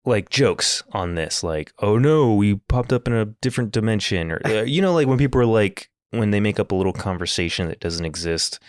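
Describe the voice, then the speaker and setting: A man's voice: on the low side, lively intonation, fairly quick, few pauses, dry recording, studio quality. A man co-hosting a casual podcast, reading stories aloud in a laid-back, hesitant way with chuckles. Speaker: podcast co-host.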